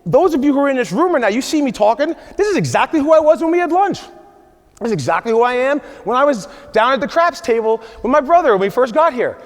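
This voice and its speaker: A US conference speaker in his forties gives an emphatic motivational keynote in a large conference hall, often checking in with the audience with "right?". His voice is extremely high, sing-song and fast. Long hall reverb colors the recording.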